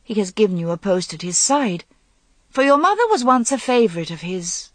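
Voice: medium pitch, big pitch swings, normal speed, a bit bright, no echo, pitched above the performer's own voice. A reader voicing a young queen who speaks firmly in an audiobook. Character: young queen, firm but uneasy woman. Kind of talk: audiobook character voice.

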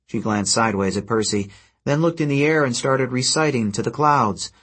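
Guy reading a story aloud, kinda husky, steady and even. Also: medium pitch, normal speed. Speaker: audiobook narrator. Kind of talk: scripted narration.

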